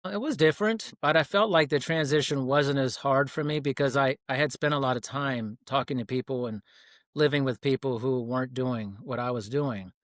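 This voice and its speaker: A man's voice: medium pitch, moderate pace, no echo, clean studio sound. A young man, a personal trainer, telling stories casually as a podcast guest, with loose restarts and chuckles. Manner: relaxed storytelling with frequent restarts and chuckles. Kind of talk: casual interview talk.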